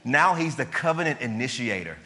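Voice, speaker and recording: Emphatic preacher in a reverberant hall. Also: male voice, mid-range voice, lively intonation, a little fast, bright, forceful tone. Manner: emphatic, conversational preaching with rhetorical questions. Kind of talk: sermon.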